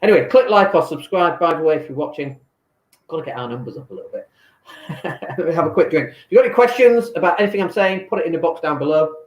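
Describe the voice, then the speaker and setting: A man's voice: a little high, expressive, fast, highs cut off. A man vlogging casually from his home, talking in a blunt, exasperated, ranting way. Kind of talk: casual lockdown vlog rant. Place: home in Spain. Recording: echoey room.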